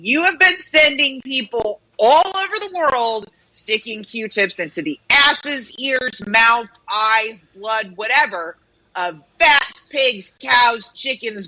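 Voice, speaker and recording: A woman's voice: sits high, pushed and bright, rough recording. A woman co-hosting a radio show in casual chat, opinionated and ranting, swearing freely. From United States. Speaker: radio co-host.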